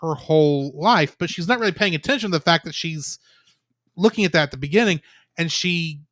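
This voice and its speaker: A man co-hosting a podcast, calmly and analytically talking through a film's story in casual chat. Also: a little high, a little fast, no room sound, clean studio sound. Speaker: podcast co-host. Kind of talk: casual film review chat.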